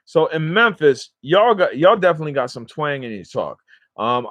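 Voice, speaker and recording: A man's voice: medium pitch, fairly bright tone, dry recording. A man with a New York or New Jersey accent, chatting casually to livestream viewers from his recliner at home, rambling and slangy and easily sidetracked. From New York or New Jersey area. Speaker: smoking vlogger and livestream host.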